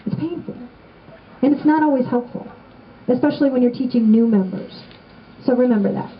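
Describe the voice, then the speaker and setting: A middle-aged woman giving a heartfelt remembrance speech to a gathered audience, storytelling with gentle humor. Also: sits high, fairly quick, dull audio. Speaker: assistant band director giving a remembrance talk. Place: indoors on the steps of a renovated old building.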